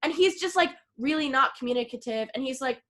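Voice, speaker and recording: A woman co-hosting a casual podcast, retelling a film plot in an animated way, acting out quotes and swearing freely. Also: high-pitched, a little fast. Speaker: podcast co-host.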